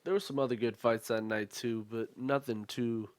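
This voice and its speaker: A man's voice: mid-range voice, steady tone, normal speed, smooth, dry recording. A man co-hosting a sports podcast, chatting in a slangy, agreeable way and swearing freely. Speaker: podcast co-host. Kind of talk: casual chat.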